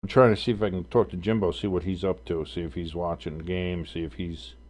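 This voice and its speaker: A man's voice: low voice, steady tone, a little fast, darkish tone. A man hosting a casual live sports stream, calling plays and reacting in a blunt, profane, rambling way.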